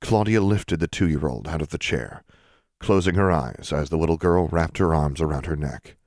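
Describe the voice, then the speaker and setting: Deep-voiced man narrating a story. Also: moderate pace, a little mellow, dry recording, clean studio sound. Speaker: audiobook narrator. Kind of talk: scripted narration.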